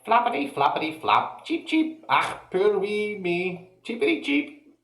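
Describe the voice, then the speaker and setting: A man voicing a tiny, brash male fairy warrior with a Scottish accent, yelling in a squeaky voice in an echoey room. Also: big pitch swings, unhurried, full character voice. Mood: mock-bird squawking.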